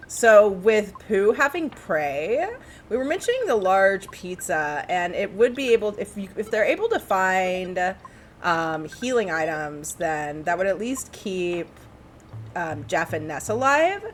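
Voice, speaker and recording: A woman doing casual live race commentary, chatty and quick to laugh. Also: mid-range voice, big pitch swings, slight background noise.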